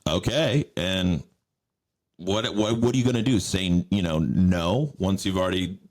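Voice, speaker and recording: A man's voice: sits low, unhurried, darkish tone. A man hosting a podcast, riffing on news stories in a rambling, profane, mocking way. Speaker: podcast host. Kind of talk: casual news commentary.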